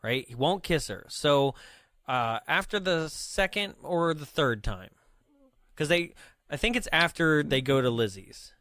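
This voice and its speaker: A man's voice: on the high side, expressive, measured pace, a bit bright, no echo. A man co-hosting a podcast, animatedly recapping a movie in casual chat, often tagging "right?" and laughing. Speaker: podcast co-host.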